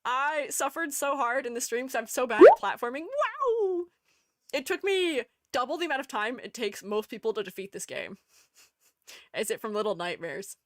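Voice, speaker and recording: A woman streamer chatting casually with her live audience, giggling often and playfully animated. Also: fairly high pitch, normal speed, no room sound, clean studio sound. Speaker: streamer and art educator.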